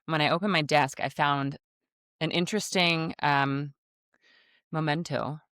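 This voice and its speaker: A woman's voice: deep voice, fairly even intonation, unhurried, fairly bright tone, dry recording, clean studio sound. A woman in her thirties co-hosting a podcast, telling easygoing stories in casual chat from her desk microphone. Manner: chatty storyteller, easygoing. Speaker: podcast co-host. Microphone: desk microphone in front of her.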